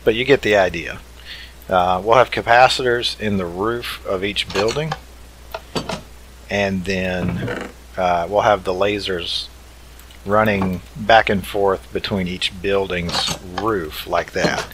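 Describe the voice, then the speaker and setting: Man, deep voice, casual let's play commentary, easygoing, thinking aloud, faint background hiss. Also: fairly even intonation, slow pace.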